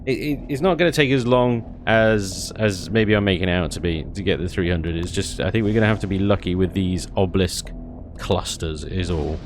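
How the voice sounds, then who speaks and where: With soft music playing behind him, a man streams himself playing a space game, chatting casually, rambling and laughing often. He talks at a normal speed in a voice that sits low.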